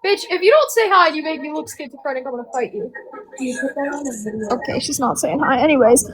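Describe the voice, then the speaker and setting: A woman's voice: high-pitched, fast talker, poor audio. A woman in her late teens calling in to chat, rambling and slangy and swearing freely. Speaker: caller. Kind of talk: casual chat.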